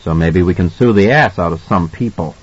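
A man voicing a grim, blunt father who speaks in a husky, matter-of-fact way. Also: deep voice, brisk, highs cut off, pitched below the performer's own voice.

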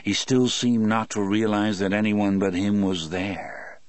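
A man narrating a first-person audiobook in a measured, grave, unhurried manner. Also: fairly low pitch, steady tone, no echo.

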